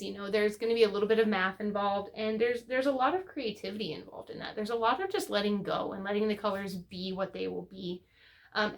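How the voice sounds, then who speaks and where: A woman's voice: mid-range voice, fairly bright tone. Chatty rambling woman knitting vlogger. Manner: rambling, self-correcting, lots of fillers. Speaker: knitting podcast host. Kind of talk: casual chat to camera.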